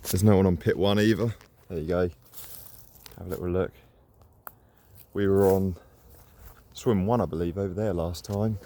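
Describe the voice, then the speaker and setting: A fairly low-voiced man rambles in an easy, self-deprecating way while he walks outdoors, slightly out of breath. Faint open-air noise sits under his voice. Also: steady tone, moderate pace, long pauses, mellow. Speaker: carp fishing vlogger. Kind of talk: casual walk-and-talk vlog. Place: outdoors by a lake.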